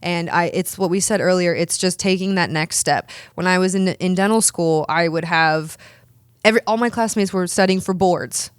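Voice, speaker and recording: A woman's voice: lowish voice, normal speed, clear, resonant tone, dry recording, clean studio sound. A woman in her thirties, a guest in an interview, telling stories in a chatty, upbeat way with frequent restarts. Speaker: pro wrestler and dentist guest. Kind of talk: casual interview answers.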